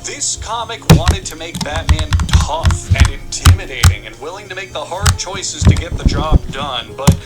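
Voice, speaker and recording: A man's voice: very animated, normal speed, few pauses, loud music behind the voice. A young man giving a sarcastic, profane comedic review of a comic book. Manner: sarcastic and profane, with big pitch jumps.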